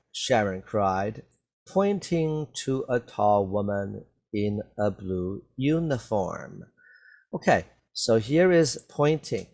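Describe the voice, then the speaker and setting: A man's voice: mid-range voice, vocal fry, a little mellow. A male English teacher who explains words to young learners patiently and repeats each point with "okay?". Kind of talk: slow reading lesson for learners.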